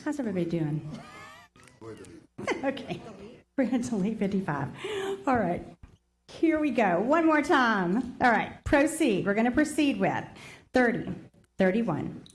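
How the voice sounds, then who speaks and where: A woman's voice: mid-range voice, sing-song, a little slow, long pauses. A woman chairing a public meeting. She reads long lists of agenda numbers and apologizes often.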